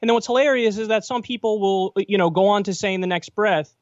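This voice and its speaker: A man argues his political points bluntly as a guest commentator. His voice sits on the higher side. It comes through a dry, dull, lo-fi remote line. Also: quick pace, dry recording. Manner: blunt, argumentative.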